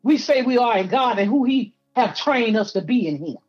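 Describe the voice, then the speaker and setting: A woman's voice: fairly high pitch, expressive, normal speed, a little mellow, slightly rough, muffled recording, soft background music. A woman preacher from Georgia, giving a fervent, rhythmic testimony with repetitions, her voice teary and breaking at times. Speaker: apostle, guest preacher.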